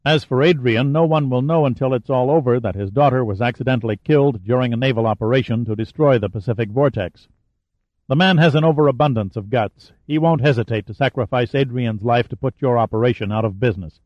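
This is a man in the role of a tough male military hero, sounding defiant, dry and sardonic yet steady. He speaks fast at a medium pitch, acting only lightly, on a dry, slightly dull recording without echo.

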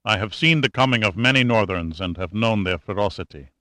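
A man reading an audiobook who voices a solemn, gentle, shy old man with a poetic bent, slow and grave. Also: on the low side, expressive, dry recording. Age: older.

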